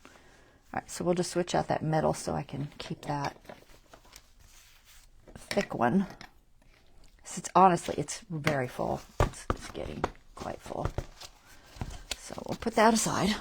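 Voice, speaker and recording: A woman hosting a crafting livestream from home, chatting casually as she thinks aloud through her choices and often dropping into soft, half-whispered asides. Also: sits low, lively intonation, a little slow, vocal fry, pauses often, slight background noise. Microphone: wearing a mic.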